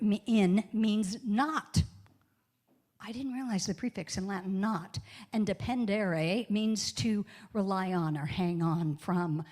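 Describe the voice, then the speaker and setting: A woman's voice: medium pitch, a little mellow. A woman speaking as a guest minister in a church, giving a chatty, joking sermon and spelling words out letter by letter. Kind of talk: casual sermon.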